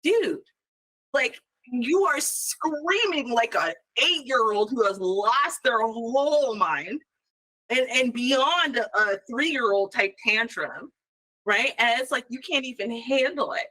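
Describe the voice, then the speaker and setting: Woman cohost, casual commentary, bright voice that bounces all over, chatty asides. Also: a little high, slow pace, low-quality recording. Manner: animated, chatty, rhetorical asides. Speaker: show co-host.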